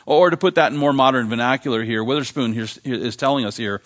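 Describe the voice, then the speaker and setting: A man preaching a sermon as pastor, emphatic, repeating key phrases and slowing down to read quotations aloud. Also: mid-range voice, fairly bright tone. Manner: frequent fillers and restarts.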